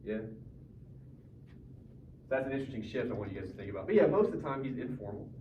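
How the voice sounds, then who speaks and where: A man's voice: mid-range voice, big pitch swings, quick pace, mellow. A male teacher leading a casual, joking class discussion and quizzing his students. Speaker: high school English teacher. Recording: roomy classroom from far off, dull, faint noise.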